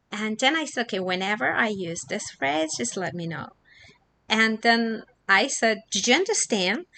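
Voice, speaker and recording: Woman English teacher, bright tone, unhurried, casual filler-heavy delivery. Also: mid-range voice, a little hiss or hum. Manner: chatty, repeats herself, many fillers.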